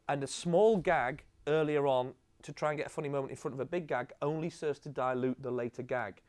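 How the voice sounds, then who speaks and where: A man, a TV comedy director, telling lively anecdotes in an on-stage conversation and acting out the quotes. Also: a little high. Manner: lively storyteller, acts out quotes, swears casually. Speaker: TV comedy director giving a masterclass.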